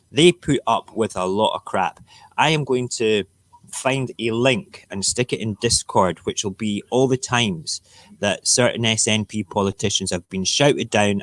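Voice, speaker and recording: A man's voice: fairly low pitch, no echo. A man hosting a casual morning talk show, ranting and rambling in an opinionated way. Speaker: radio show host.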